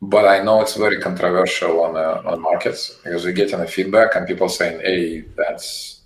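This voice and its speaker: A man, a company CEO guest, answering interview questions in a halting way, often repeating words while he searches for phrasing. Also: deep voice, fairly even intonation. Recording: echoey room with faint noise.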